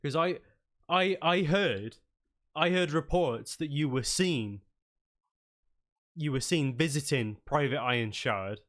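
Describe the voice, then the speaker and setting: A man voicing a stern, furious male guard commander who shouts and scolds. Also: fairly high pitch, animated, takes it slowly, pauses often. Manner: shouting, indignant.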